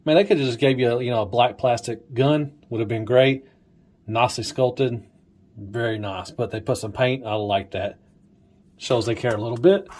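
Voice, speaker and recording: A man's voice: mid-range voice, steady tone, moderate pace, a little mellow. Enthusiastic man reviewing a toy. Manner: enthusiastic, repeats praise, pointing out details. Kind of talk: casual toy review walkthrough.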